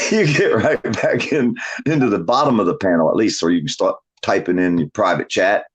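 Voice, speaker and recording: A man's voice: on the low side, moderate pace, husky. A man chatting casually on a livestream, a boastful storyteller who swears a lot and laughs often. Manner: lively, swinging delivery. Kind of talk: casual chat.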